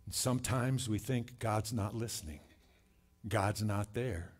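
A man preaching a sermon in a church, reading scripture and commenting with slow, earnest emphasis. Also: on the low side. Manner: slow, earnest delivery with scripture read aloud and dramatic quoted cries. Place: church sanctuary.

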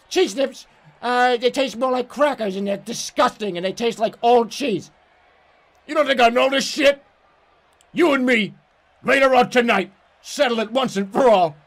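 A man putting on a loud trash-talking wrestling promo voice as a hyped-up male announcer. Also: extremely high pitch, pitched above the performer's own voice.

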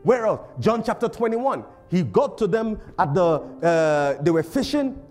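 A male pastor preaching a sermon, animated and laughing often, repeating phrases for emphasis. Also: sits high, a little slow, faint music behind.

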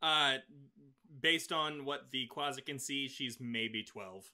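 A man's voice: medium pitch, slow, sharp tone. A man running a tabletop game as game master, narrating with lots of fillers and laughs.

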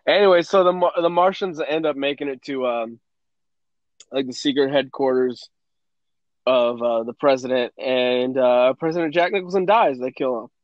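A young man co-hosting a podcast in casual chat, telling a movie plot in an animated, profane way and acting out quotes. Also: mid-range voice, moderate pace, no room sound. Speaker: podcast co-host. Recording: dry, dull lo-fi podcast audio.

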